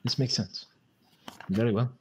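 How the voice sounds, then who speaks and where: A man's voice: medium pitch, steady tone, unhurried, darkish tone, slight background noise. A man playing a tabletop game who speaks hesitantly and plays a woman character. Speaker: player. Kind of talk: tabletop role-play.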